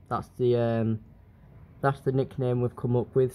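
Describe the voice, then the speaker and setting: A man's voice: on the low side, level tone, moderate pace, heavy background noise. A man from England chatting to camera in a travel vlog, rambling with fillers and asides from a hotel room. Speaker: travel vlogger. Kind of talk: casual vlog chat to camera.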